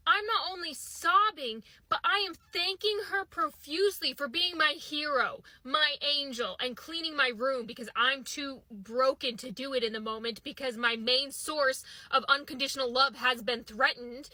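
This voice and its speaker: Woman, young adult, high pitch, dry close sound, comic storytime, animated voices for quoted people. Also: moderate pace, few pauses, dry recording. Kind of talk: comedic storytime monologue.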